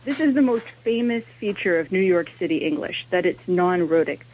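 A woman's voice: fairly low pitch, animated, moderate pace, a little mellow. A woman academic, a language historian, explaining her subject as a radio interview guest. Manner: explanatory, lecturing. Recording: dull lo-fi radio sound.

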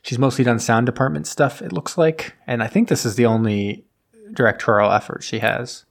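A man's voice: medium pitch, a little fast, vocal fry. A man co-hosting a podcast, casually recapping a film with lots of fillers and offhand paraphrase. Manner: rambling, many fillers, mimics characters in paraphrase. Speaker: podcast co-host. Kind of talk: casual movie recap chat.

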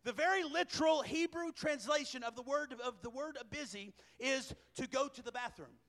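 A man preaching a sermon, telling a scripture story with animated delivery, chuckling and raising his voice for emphasis. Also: extremely high pitch, moderate pace. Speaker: pastor.

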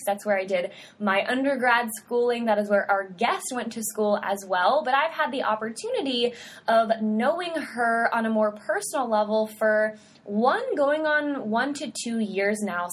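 A young woman with a fairly high voice hosts her own podcast solo. She is a dietitian and talks in an upbeat, chatty way, full of casual slang.

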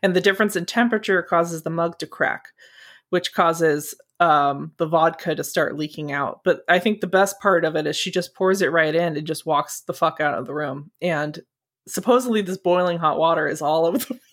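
A woman with a somewhat low voice chats casually as a podcast co-host. She retells a film scene in a loose, rambling way, with lots of fillers, swearing and laughter. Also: moderate pace. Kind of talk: casual movie chat.

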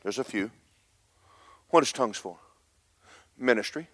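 Man, fiery Pentecostal preacher, mid-pitched voice, dry close sound, emphatic build-ups. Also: animated, a little slow, a bit bright, dry recording. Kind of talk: Pentecostal sermon with storytelling. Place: church.

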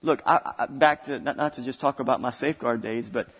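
A man's voice: mid-range voice, a little fast, a bit bright, slightly rough, in a large hall. A male pastor preaching a sermon, building intensity through repeated phrases. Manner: preaching with rising intensity and repetition.

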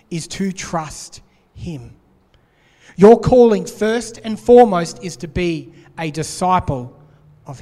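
A man's voice: on the high side, darkish tone. A man preaching a sermon in an earnest way, repeating his key points. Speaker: pastor. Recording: long hall reverb.

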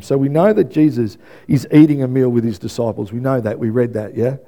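A man's voice: medium pitch, a little fast, hardly any pauses, mellow. A male pastor preaching a sermon in a conversational way, often checking in with "yeah?" and repeating phrases for emphasis.

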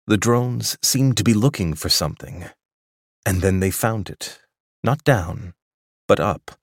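Male audiobook narrator, very low voice, dry close sound, measured delivery. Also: expressive, no room sound. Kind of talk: literary fiction narration.

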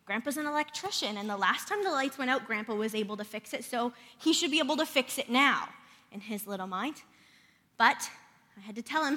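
A woman's voice: fairly high pitch, expressive, a little fast, pushed and bright. A woman giving an earnest sermon in a church, praying and telling a family story. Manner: earnest, storytelling with prayerful passages. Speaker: preacher. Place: church sanctuary. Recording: long reverb of a church hall.

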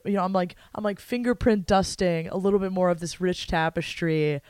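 A podcast co-host who riffs sarcastically in casual chat and slips into mock-dramatic speeches. The voice sounds smooth and clean. It is recorded close in a dry room. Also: mid-range voice, steady tone, fairly quick, few pauses, a little mellow, no room sound.

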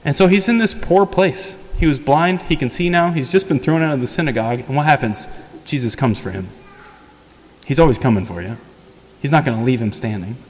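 A priest delivers a casual sermon in a church, retelling a story with lively energy. He acts out the quotes in a higher pitch and laughs along the way, and the recording carries a long church reverb.

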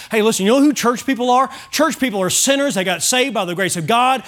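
A man preaching a sermon as pastor, driving points home with shouted emphasis and rhetorical questions. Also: very high-pitched, quick pace, hardly any pauses.

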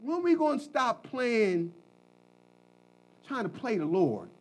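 A male preacher delivering a lively, folksy sermon, swinging between hushed talk and shouting. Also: very high-pitched, takes it slowly.

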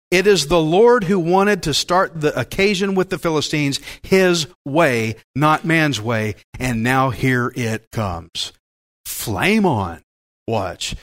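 A man preaching a Bible-teaching sermon as pastor, in a folksy, joking and animated way. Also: a little high.

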